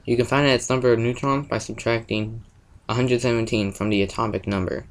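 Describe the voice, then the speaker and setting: A man presenting a school science project, reading a prepared explanation in a steady, step-by-step way. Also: mid-range voice, a little fast, low-quality recording.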